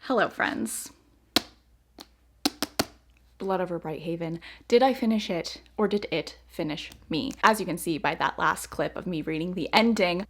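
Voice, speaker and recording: A woman's voice: lowish voice, normal speed. A young woman vlogging about books, gushing and effusive, repeating words for emphasis. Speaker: book vlogger. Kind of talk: casual reading vlog chat.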